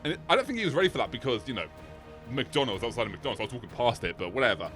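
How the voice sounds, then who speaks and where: A male host of an anime explainer video talks in a loose, ad-libbed way, wandering into side stories and laughing at himself. His pitch leaps up and down with lots of energy. A faint music bed plays behind him. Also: racing. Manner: tangent-prone, laughs often, animated swings in pitch. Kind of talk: rambling, ad-libbed commentary.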